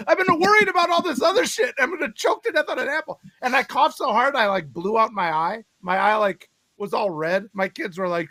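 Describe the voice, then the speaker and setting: A man telling casual stories on a livestream, animated and swearing freely, acting out voices as he goes. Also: very high-pitched, a little fast, dry recording. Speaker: livestream co-host. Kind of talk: casual storytelling chat.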